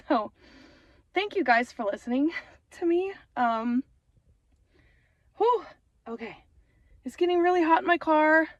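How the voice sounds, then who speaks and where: A woman's voice: sits high, no echo, highs cut off. A young adult woman talking casually in her parked car, rambling with fillers and getting emotional. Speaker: author and vlogger. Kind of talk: casual vlog talk.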